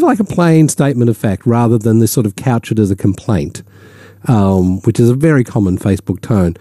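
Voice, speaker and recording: A man with an Australian accent hosting talkback radio, chatty and animated, slipping into mock voices. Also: medium pitch, normal speed, slightly rough, dry recording, studio quality. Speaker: radio host. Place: radio studio.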